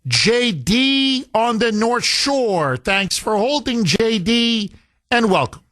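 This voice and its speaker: A man hosting a talk radio show, speaking in an indignant, animated way and taking calls. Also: very high voice, slow. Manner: animated, indignant, repeats phone number.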